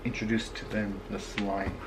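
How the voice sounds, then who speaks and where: A man's voice: lowish voice, little pitch movement, normal speed. A young man and father talking casually to a handheld camera in a home vlog, at home and in a car. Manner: chatty, talks straight to the camera. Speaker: father and vlogger. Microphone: handheld compact camera. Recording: background noise with vehicle hum.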